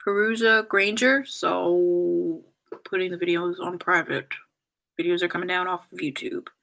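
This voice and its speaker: A young woman talks straight to her viewers in a loose, rambling livestream chat, full of fillers and restarts. Her voice is bright and forward, sitting a bit low for a woman. She is tearful and keeps fighting back crying. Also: fairly even intonation, a little slow, creaky, low-quality recording. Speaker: YouTuber ending her channel on a livestream. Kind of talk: casual livestream chat, reading viewer comments.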